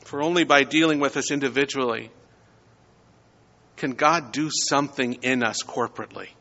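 Bright-voiced man preaching in a reverberant church. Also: mid-range voice. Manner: measured preaching with emphatic rises and drawn-out key words. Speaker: pastor. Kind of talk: sermon. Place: church sanctuary. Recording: dull sound with long church reverb.

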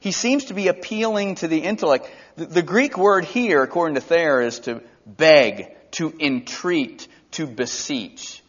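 A man's voice: fairly high pitch, measured pace, hardly any pauses, muffled recording. A man preaching an expository Bible teaching in a conversational way, briefly acting out the characters' lines.

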